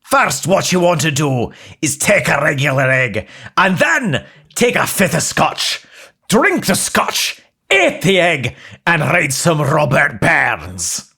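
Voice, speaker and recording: A man's voice: fairly high pitch, very animated, slow pace, sharp tone, slightly rough, heavily acted. A man voicing a gloomy, foul-mouthed male voice assistant with a Scottish accent.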